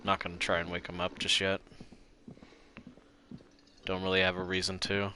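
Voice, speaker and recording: A man's voice: deep voice, monotone, normal speed, bright, forceful tone, a little hiss or hum. A man streaming a game, chatting casually and self-mockingly, swearing now and then, and reading game text aloud.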